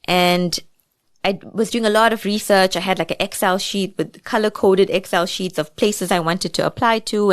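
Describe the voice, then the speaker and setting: A woman's voice: medium pitch, no echo, clean studio sound. A woman with a South African accent, a guest author talking through her thoughts in a chatty, reflective way. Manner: reflective, chatty, many asides. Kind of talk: casual podcast interview.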